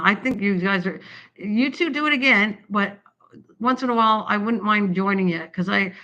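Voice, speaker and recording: An older woman rambles cheerfully to her livestream viewers about crafts, with a bright, sharp edge to her voice. Her talk wanders and breaks into laughs. The sound is dull and lo-fi, as if picked up by a camera's built-in mic at home. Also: mid-range voice. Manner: chatty, rambling, often laughing. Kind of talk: rambling casual livestream chat.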